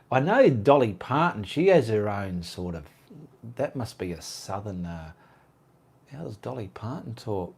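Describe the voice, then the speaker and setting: A man's voice: fairly low pitch, animated, a little slow, darkish tone, slightly rough. An Australian man hosting a casual live-stream Q&A, chatting and reading viewer comments aloud in a rambling way.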